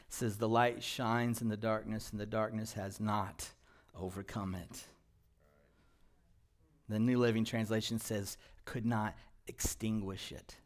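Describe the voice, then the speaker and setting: Slow-spoken pastor preaching a sermon. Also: male voice. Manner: swings from soft and low to loud and emphatic. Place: church sanctuary.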